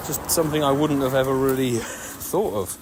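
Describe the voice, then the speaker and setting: A man talks nonstop as he walks city streets on a live stream, narrating each find with excitable, chatty energy. His voice sits at an ordinary middle pitch. Loud traffic and street noise surround him throughout. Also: normal speed. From United Kingdom. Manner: chatty, excitable running commentary, talking nonstop like a radio DJ. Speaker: streamer playing a mobile game. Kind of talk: live-stream commentary while walking.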